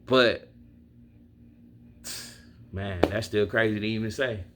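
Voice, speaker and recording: A Milwaukee, Wisconsin man vents about his football team in a casual fan rant to camera, speaking bluntly and profanely straight to his viewers as a sports fan vlogger. His voice is lowish and slow, with background noise in the recording.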